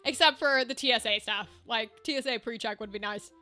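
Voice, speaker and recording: A woman streaming a game, chatting casually and thinking out loud as she sorts out gear. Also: on the high side, brisk. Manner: chatty, thinks aloud, easily amused. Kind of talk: casual gameplay chat. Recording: game music underneath.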